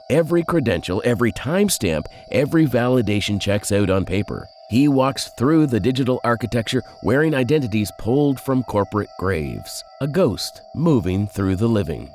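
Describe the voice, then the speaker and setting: A man narrating a dark crime story in a scripted, dramatic, measured way. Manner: dramatic, measured storytelling with sudden drops in pitch and loudness.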